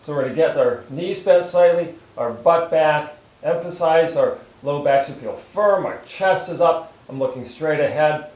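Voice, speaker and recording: A chiropractor calmly talking through posture stretches step by step while he demonstrates them. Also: a little high, a little slow, roomy sound, poor audio. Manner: calm, steady step-by-step instruction while moving. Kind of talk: instructional exercise demonstration.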